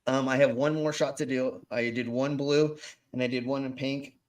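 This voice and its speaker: A man's voice: medium pitch, steady tone, moderate pace, darkish tone, recorded from a distance. A man hosting a live stream in a loose, joking way, swearing freely. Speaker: stream host. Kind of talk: casual profane chat.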